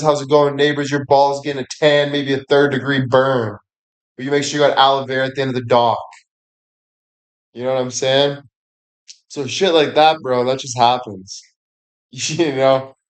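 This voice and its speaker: A man giving a crude, rambling comedic monologue on a livestream, swearing constantly and laughing at his own jokes. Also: mid-range voice. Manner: profane, rambling, laughs often, fillers like "you know".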